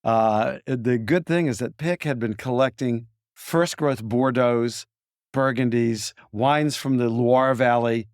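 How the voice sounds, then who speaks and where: A man's voice: medium pitch, slow, clean tone, no echo. A man in his sixties from Memphis with a Southern accent, telling stories as a winery owner in a studio interview. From Memphis, Tennessee. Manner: relaxed, reminiscing, easygoing. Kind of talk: storytelling interview answers.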